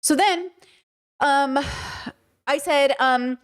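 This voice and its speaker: A woman hosting a livestream, reading chat comments and responding in an emphatic, animated way, full of fillers like "you know what I mean". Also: high voice, very slow. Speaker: podcast host.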